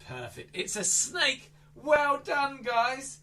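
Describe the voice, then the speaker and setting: A man performing an interactive kids' magic show, playful, with exaggerated squeals and shouts. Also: very high-pitched, big pitch swings, takes it slowly, far from the mic. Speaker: children's entertainer.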